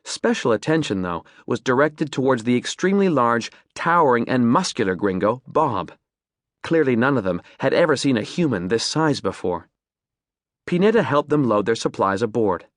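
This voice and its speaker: Lively male audiobook narrator. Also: medium pitch, no echo, clean studio sound. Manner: measured, descriptive storytelling. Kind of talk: scripted narration.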